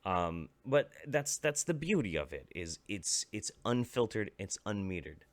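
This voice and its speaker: A man ranting to camera as a YouTube commentator, angry and profane, swinging between low mutters and sharp outbursts. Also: sing-song, unhurried.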